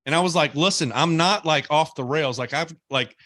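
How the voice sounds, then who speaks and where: A young man hosting a podcast, telling animated stories with swearing and laughter. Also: a little high, moderate pace, dry recording. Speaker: podcast host, former player. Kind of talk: casual podcast chat.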